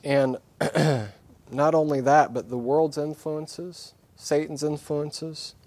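A man with a voice on the high side, a little mellow, preaches slowly with fairly even intonation, captured in a dry recording. His sermon is earnest and candid, built on emphatic repetition and sprinkled with self-deprecating remarks.

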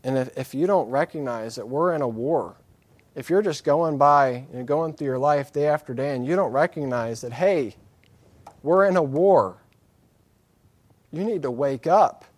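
A man's voice: fairly high pitch, normal speed, no room sound. Earnest male preacher in a dry room. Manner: earnest and candid, with emphatic repetition; self-deprecating asides with light laughter. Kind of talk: sermon.

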